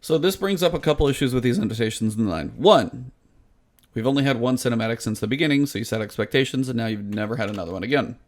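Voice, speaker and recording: A man's voice: mid-range voice, animated, fast. A man co-hosting a gaming podcast in casual chat, sarcastic and exasperated as he picks apart game design. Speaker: podcast co-host.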